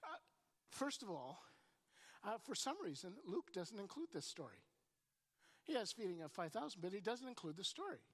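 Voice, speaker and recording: A woman delivers a sermon, retelling the story with lively energy and a habit of repeating words as she gets going. Her voice sits at a middle pitch for a woman. A long reverb trails her words, as in a large hall. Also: moderate pace, long pauses, slightly rough. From Canada. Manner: animated storytelling, often repeats words when starting a thought. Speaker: preacher.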